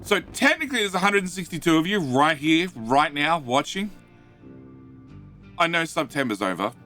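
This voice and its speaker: Excitable high-voiced man streaming games. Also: moderate pace, soft background music. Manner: excitable, jokey, shouts greetings to viewers; stammers and repeats words. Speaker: game streamer. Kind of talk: live game stream chat.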